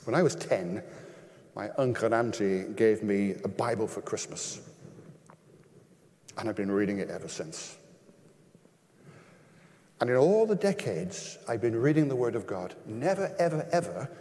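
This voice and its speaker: An older man preaching from the pulpit in an emphatic, pleading way. He fires rhetorical questions and leaps up in pitch and volume to drive points home. His voice rings out with the long echo of a church hall. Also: big pitch swings, measured pace, long pauses, mellow. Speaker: pastor. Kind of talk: sermon.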